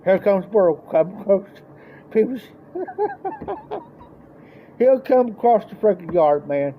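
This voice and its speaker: A man's voice: high-pitched, wildly swooping pitch, slow pace. A man with a Midwestern American accent telling a rambling, folksy story on a live stream and acting out the voices of the people in it. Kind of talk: casual storytelling. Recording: dull lo-fi stream audio, faint noise.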